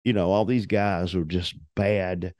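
An older man tells rough, profanity-laced stories, slipping into the voices of the people he quotes. His voice sits on the low side and the recording is dry and close, with no room sound. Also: unhurried, no room sound. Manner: profane, animated storyteller acting out quotes. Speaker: interview guest, retired wrestler. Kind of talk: storytelling in a shoot interview.

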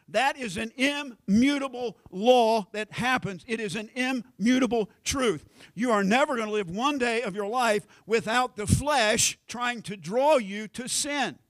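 A man's voice: high-pitched, a bit bright, no echo. A man preaching a sermon, often asking the congregation "amen?". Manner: repeats "amen?" to the congregation, with restarts. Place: church sanctuary.

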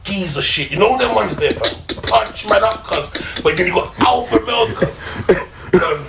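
A man with an English accent and London street slang, telling a comic story loudly, often shouting and laughing. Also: sits high, lively intonation, moderate pace, gravelly. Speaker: podcast guest telling a story. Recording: echoey room with crowd noise.

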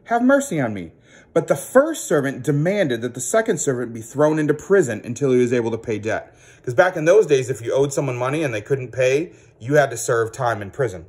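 A man teaching children a Bible story as a children's ministry teacher, animated and acting out the characters. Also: mid-range voice, a little fast, breathy edge.

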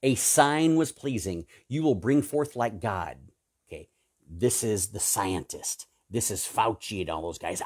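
A man preaching a sermon, fervent and emphatic, swinging between loud peaks and low hushed stretches, repeating and listing words for emphasis. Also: animated, measured pace. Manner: repetitive, emphatic lists.

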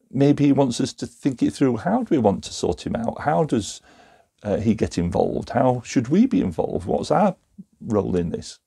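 A man's voice: medium pitch, lively intonation, measured pace, vocal fry, mellow, husky. A man preaching a Methodist sermon, thinking aloud in a reflective way with small restarts. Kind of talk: recorded sermon.

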